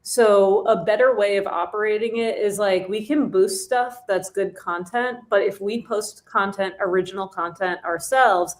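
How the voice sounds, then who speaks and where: Woman guest on a stream call, lots of um and like, laughs a lot, mid pitch. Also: normal speed, hardly any pauses. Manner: giggly, animated, filler-heavy. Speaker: special guest. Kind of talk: casual livestream chat.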